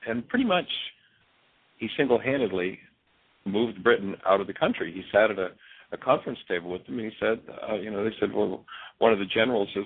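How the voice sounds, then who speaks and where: A man's voice: on the low side, lively intonation, a little fast, husky. A man speaking as a guest on a radio show over the telephone, telling stories earnestly and often restarting his sentences. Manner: earnest, storytelling, frequent restarts. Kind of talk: radio interview talk. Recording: tinny phone line.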